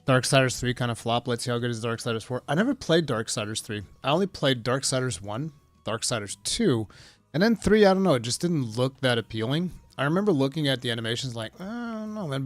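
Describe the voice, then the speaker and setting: A man's voice: mid-range voice, no room sound. Dude rambling on his stream reading chat, dry close mic, little music behind. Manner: rambling, reads chat aloud, bursts of laughing excitement. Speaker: live stream host. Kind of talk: casual live-stream chat.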